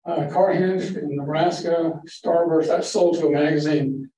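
A man with a fairly high, mellow voice speaks unhurriedly and with fairly even intonation. He's an older guest presenter giving a casual, rambling slide-show talk full of folksy stories to a photography club in a library meeting room. The recording is echoey, captured from far off, with faint hiss.

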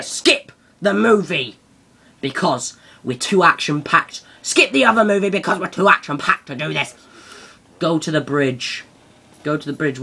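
A young man giving excitable let's-play commentary, yelping and shouting at the game as he plays. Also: fairly high pitch. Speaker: gaming channel host.

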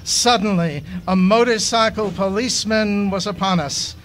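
A man reading his own memoir poetry aloud at a poetry festival, in a measured, unhurried way. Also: sits high, fairly bright tone, a little hiss or hum.

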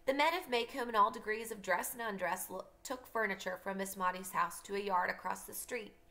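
A woman teacher reading a novel aloud for her class, pausing to explain passages to students. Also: mid-range voice, pushed and bright.

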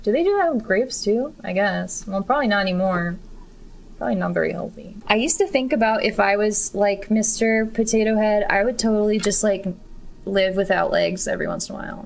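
A woman's voice: medium pitch, a little hiss or hum. A young woman giving casual, giggly gameplay commentary full of crude jokes. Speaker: game streamer.

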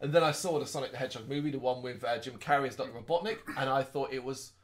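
A man co-hosting a podcast, chatting casually and recapping a movie in an animated way, with quick asides in put-on voices. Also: medium pitch, slight background noise. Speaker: podcast co-host. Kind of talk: casual movie review chat.

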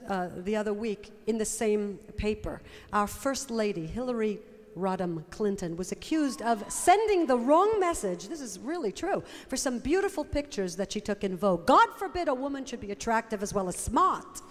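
A woman's voice: medium pitch, very animated, normal speed, hardly any pauses, big-room sound. Playful woman bantering on a live stage. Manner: playful, teasing. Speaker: singer and concert headliner. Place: large arena stage. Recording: live arena sound with crowd.

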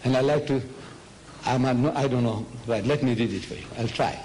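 An older man with a South African accent giving an emphatic public lecture on religion, full of rhetorical questions, sometimes dropping to a low murmur. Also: a little fast, a little mellow, slight background noise, low-quality recording.

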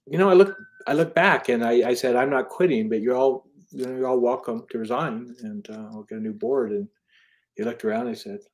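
A middle-aged man recounting a personal story as an interview guest. He speaks earnestly, often stopping to restart a phrase and acting out what people said. His voice sits at an ordinary, medium pitch. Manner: earnest, halting storyteller with many restarts and quoted dialogue.

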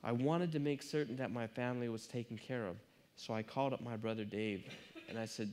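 A man's voice: medium pitch, fairly even intonation, fairly quick, a little mellow, a little hiss or hum. Earnest man telling a personal story. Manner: earnest, emotional, confessional. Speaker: conference speaker.

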